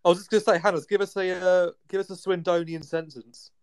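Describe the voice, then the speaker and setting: A man co-hosting a football podcast, talking tactics in a thoughtful, hesitant way with pauses and fillers. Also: high-pitched, steady tone, a little mellow, clean tone, poor audio. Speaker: podcast co-host. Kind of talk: casual football chat.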